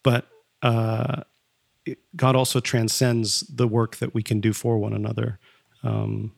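A man's voice: mid-range voice, monotone, unhurried, vocal fry, no echo, clean studio sound. A man co-hosting a casual spiritual conversation, reflective and thinking aloud. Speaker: podcast co-host.

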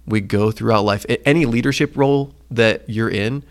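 A man co-hosting a casual faith podcast, retelling stories with lively acted-out quotes. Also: lowish voice, normal speed. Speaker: podcast co-host.

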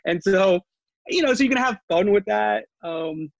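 A man's voice: high voice, lively intonation, moderate pace, gravelly, no room sound, lo-fi sound. A man who works as a sports media reporter, talking casually in an interview, rambling with many fillers and restarts.

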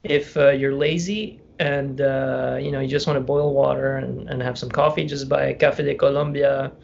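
A man's voice: mid-range voice, little pitch movement, moderate pace, vocal fry, darkish tone. A man co-hosting a podcast in casual chat, rambling and laughing often as he trails off mid-sentence. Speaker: podcast co-host. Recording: dull remote recording with faint noise.

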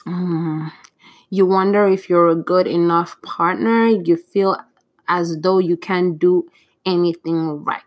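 A woman hosts a casual solo podcast, rambling from point to point and restarting her sentences. She sounds flustered and frustrated, and her speaking voice sits on the lower side. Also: fairly even intonation, slow pace. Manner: rambling, scattered, restarts often. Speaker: podcast host.

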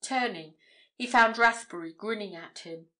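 A woman narrating an audiobook in a measured, steady reading voice. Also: medium pitch.

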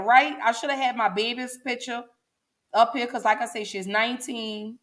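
A woman's voice: fairly high pitch, fairly even intonation, normal speed, fairly bright tone. A woman, hosting a casual livestream and talking straight to her viewers, chatty and emotional. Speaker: show host.

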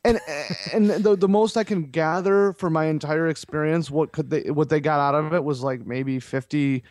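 Rambling, somewhat high-voiced male storyteller. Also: moderate pace, no room sound, clean studio sound. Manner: rambling, filler-heavy, animated retelling. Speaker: podcast guest. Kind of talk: casual storytelling.

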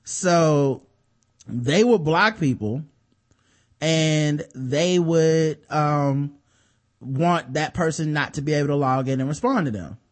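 Podcast guy talking casually, bit high pitched, swears a lot, restarts sentences. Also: takes it slowly. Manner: loose, profane, explaining with restarts. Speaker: podcast co-host. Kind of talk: casual chat.

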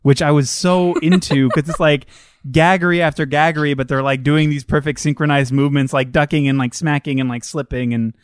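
A man's voice: a little high, steady tone, brisk, clear, resonant tone, no room sound, studio quality. Enthusiastic man rambling on a podcast. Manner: enthusiastic, rambling with many fillers. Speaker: podcast co-host. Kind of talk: casual chat.

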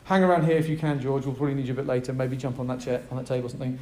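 Speaking at a racing clip, a pastor with a medium-pitched male voice delivers a sermon to a gathered group. He's emphatic and full of energy, pulling listeners in with prompts and questions, and the room is echoey.

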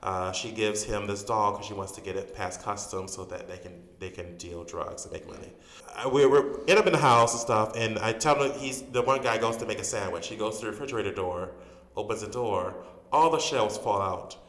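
In a roomy, echoing space, a stage actor being interviewed spins casual stories, full of fillers and restarts. His voice is fairly low and fairly quick, and he tells tales with animation.

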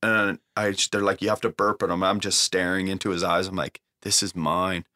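Young guy with a real low voice, swears a lot, tells his story loose and emotional, dry close sound. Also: flat delivery, normal speed, pushed and bright, no room sound. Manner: swears freely, emotional, lots of fillers. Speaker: guest sharing a recovery story. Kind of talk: casual storytelling.

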